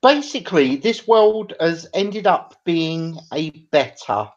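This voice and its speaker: A man's voice: on the high side, expressive, slow. Opinionated British man, muffled audio. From Britain. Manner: opinionated, argumentative. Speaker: podcast host. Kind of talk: casual banter. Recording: dull lo-fi audio.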